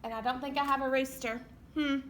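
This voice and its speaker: A woman's voice: high voice, steady tone, a little fast, a bit bright, a little hiss or hum. A woman librarian leading a baby storytime, cheery and encouraging, singing songs and making animal sounds. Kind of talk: sing-along storytime for babies.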